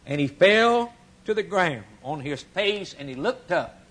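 Husky man preaching an emphatic sermon. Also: high voice, expressive, unhurried, a bit bright. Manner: emphatic preaching with repetition and dramatic retelling.

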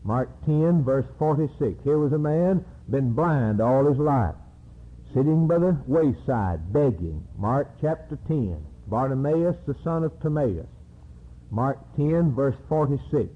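A male preacher delivers an emphatic, dramatic sermon, his voice carrying a raspy, breathy texture at a middling pitch. The recording is narrow and tinny, like a phone line. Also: animated, unhurried. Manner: dramatic, emphatic preaching that acts out scripture cries.

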